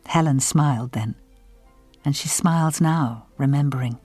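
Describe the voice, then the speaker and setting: A woman narrating a literary novel in an audiobook, with measured, even storytelling. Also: rumbling low, husky, dry recording, faint music behind.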